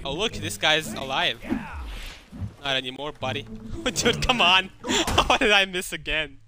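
A man's voice: a little high, very animated, measured pace. A young man giving casual gameplay commentary, trash-talking and swearing at opponents. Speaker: gaming YouTuber. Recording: game music underneath.

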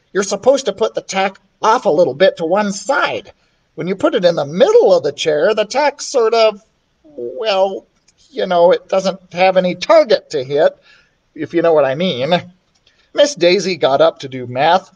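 A man reads a children's chapter book aloud as a librarian. His voice sits a bit high and swings widely in pitch, with an animated, expressive storytelling manner. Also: moderate pace, muffled recording.

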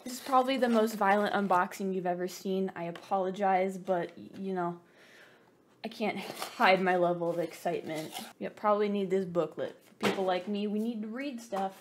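A young woman vlogging an excited unboxing, bubbly and gushing, rambling with self-mocking asides and over-caffeinated giddiness. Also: mid-range voice, moderate pace, a little hiss or hum. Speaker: gaming vlogger.

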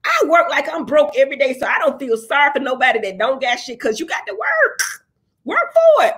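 A woman's voice: high voice, fast talker, a bit bright, slightly rough. A woman chatting bluntly on a casual livestream, reading viewer comments and answering them with profane, preachy advice.

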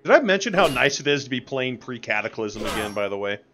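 Young male streamer, chatty and joking, lively pitch, middle register, faint music behind. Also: fast talker. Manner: rambling, joking, talks to chat. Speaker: game streamer. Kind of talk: casual live-stream gameplay commentary.

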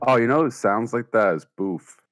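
A man's voice: mid-range voice, animated, moderate pace, a bit bright, a little hiss or hum. A man with an American accent chatting casually during a multiplayer strategy game, blunt and offhand. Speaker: gamer in a group let's play. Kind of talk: casual gaming chat.

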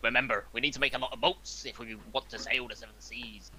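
A man voicing a gruff, bossy pirate who growls "arr" while playing a game. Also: mid-range voice, fairly even intonation, fast, bright, forceful tone. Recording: noisy game voice chat.

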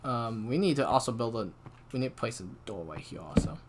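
A woman hosting a gaming channel, giving let's-play commentary as she talks to herself and yells at the game. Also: very deep voice, lively intonation, brisk, very noisy. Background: game music.

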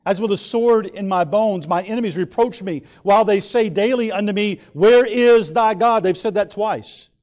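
A male pastor preaching a sermon, earnest, slowing down to draw out scripture and building louder for emphasis. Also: high voice. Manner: slows down and draws out scripture readings.

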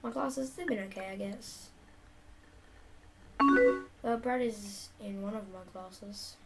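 Chatty young woman with vocal fry. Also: medium pitch, slow. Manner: reads typed chat lines aloud, chatty asides. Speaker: YouTuber playing a chat game. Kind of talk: casual reading and reacting. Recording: loud background music.

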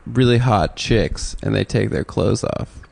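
Gravelly man on a comedy podcast. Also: on the low side, darkish tone. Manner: quick, laughs often, rambling setups. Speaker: podcast co-host. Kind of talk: casual comedic chat.

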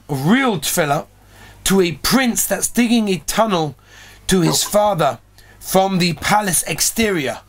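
A man, a rabbi, giving an earnest sermon on prayer, telling stories and building emphasis. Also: high-pitched.

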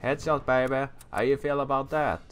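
A man doing let's play commentary on a shooter game, excitable and joking, yelling at enemies. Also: mid-range voice, moderate pace, faint music behind. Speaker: gaming YouTuber.

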